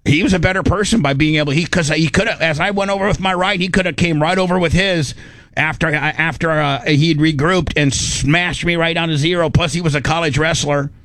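A man hosting a radio talk show, telling a story in a casual, animated way and acting out the quoted dialogue. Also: fairly high pitch, a little fast, dry recording.

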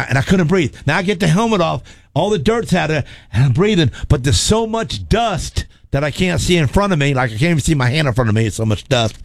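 A man's voice: on the high side, no echo, studio quality. Rambling man telling stories. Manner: rambling storyteller, repeats words, laughs. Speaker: race car driver telling stories. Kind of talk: casual chat.

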